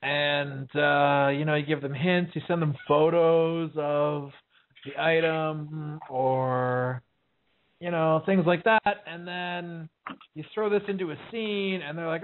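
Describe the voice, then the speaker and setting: A man's voice: on the high side, measured pace, slight background noise. Tinny-sounding profane male host. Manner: blunt and profane, rambling with fillers. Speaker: podcast host. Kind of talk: casual chat.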